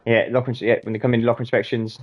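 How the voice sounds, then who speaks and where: A man's voice: mid-range voice, little pitch movement, very fast, lo-fi sound. A young man swearing freely and laughing as he tells rambling stories while gaming. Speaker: gaming channel host. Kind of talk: casual storytelling while gaming.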